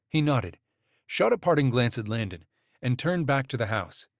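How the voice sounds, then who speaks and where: A man narrating a romance audiobook in an even, measured way. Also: medium pitch, dry recording, clean studio sound. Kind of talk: scripted narration.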